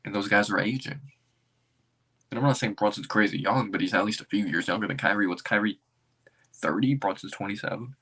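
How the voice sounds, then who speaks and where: A man with a fairly low voice hosts a casual fan livestream, rambling and thinking out loud. He keeps breaking into excitable bursts as he reacts to his team. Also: fairly quick, husky. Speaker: basketball fan streamer.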